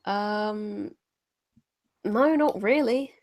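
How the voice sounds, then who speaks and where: A woman's voice: medium pitch, very slow, a little mellow. A woman chatting as a guest on a casual stream, modest and self-deprecating with a giggle.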